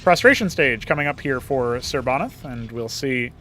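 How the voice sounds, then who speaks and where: A young man with a medium-pitched, sharp-toned voice and lively intonation casts a strategy match on his own, faint music behind him. This esports commentator is talkative and playful, laughing at his own jokes between quick asides.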